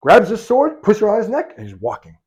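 Animated male preacher telling a story. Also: sits high, brisk, husky. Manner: animated, acts out quoted voices, swings from loud to hushed. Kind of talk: storytelling sermon.

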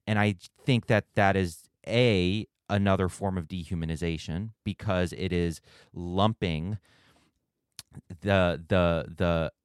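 A man's voice: low voice, slow pace, clear, resonant tone, no echo, studio quality. A man hosting a podcast interview, speaking in a reflective, hesitant way and often restarting his phrases. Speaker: podcast host. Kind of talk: conversational interview.

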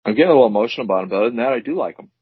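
A man's voice: mid-range voice, lively intonation, racing, husky, no echo. A man co-hosting a casual podcast, bantering with a playful, mock-emotional manner. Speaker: podcast co-host. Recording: dull lo-fi sound.

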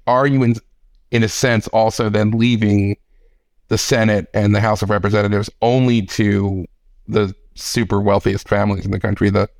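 A man from Philadelphia, a guest on a podcast panel, thinking out loud in an animated way and swearing freely. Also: fairly low pitch, vocal fry, no echo. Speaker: guest commentator. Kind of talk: casual panel chat.

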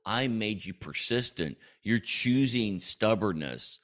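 A calm, unhurried voice of the Lord speaks low and evenly, patient as it corrects. A man quotes it in his own voice during a podcast monologue. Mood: calm correction.

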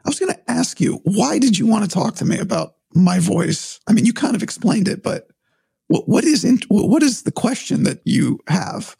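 Gravelly, husky man, animated. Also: sits high, normal speed, no room sound. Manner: thoughtful, rambling, restarts often. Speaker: broadcaster, podcast guest. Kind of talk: casual conversation.

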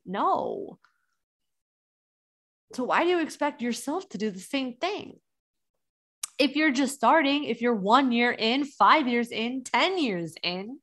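A woman in her thirties, a business coach, talking earnestly and encouragingly in a motivational monologue. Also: fairly high pitch. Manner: earnest and encouraging, with emphatic restarts.

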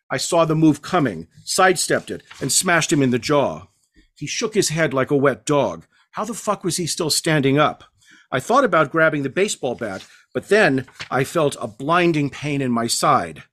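A male author reads his own crime novel aloud in a measured, hard-edged first-person voice. His speaking voice sits somewhat high for a man. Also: very animated, a bit bright.

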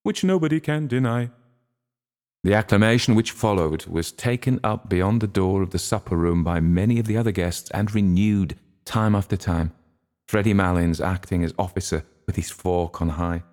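A man reads a classic short story aloud as an audiobook narrator. His voice sits very low, and he keeps a measured, steady pace through the narration. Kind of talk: audiobook reading.

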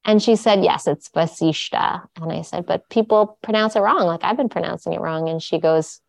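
A woman's voice: lowish voice, a little fast, creaky, dry recording. A woman, a yoga teacher guest, chatting casually in an interview and telling stories with lots of "like"s and restarts. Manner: chatty storyteller, many "like"s and restarts.

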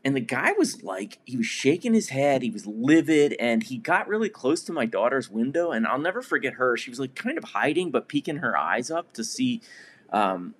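A man's voice: mid-range voice, sing-song, normal speed, a bit bright, a little hiss or hum. A man in his forties, a podcast host in recovery, telling a personal story in a casual, rambling way with many fillers and chuckles at his own expense.

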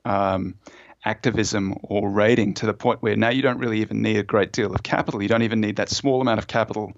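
A man's voice: fairly low pitch, steady tone, fast, no echo. Guy on a podcast telling a long story, lots of um and you know, dull dry audio. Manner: storytelling, with frequent fillers and restarts. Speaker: author and fund manager, guest. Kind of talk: conversational explanation in a podcast interview.

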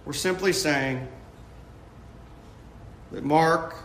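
A man preaching a sermon as pastor, with emphatic swells that drop back to a hush. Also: fairly high pitch, drawn-out words, reverberant, a little hiss or hum. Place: church sanctuary.

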